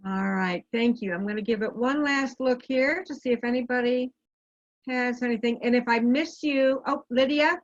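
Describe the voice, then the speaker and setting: A woman facilitating an online church service, calling on speakers in a gentle, orderly way. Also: on the high side, moderate pace, no echo, muffled recording. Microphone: video call.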